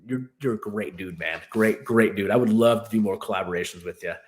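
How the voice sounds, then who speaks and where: A man's voice: fairly low pitch, brisk. Guy rambling on a live stream, laughs a lot, easygoing chat. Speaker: streamer and host. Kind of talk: casual livestream chat. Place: new home in Texas.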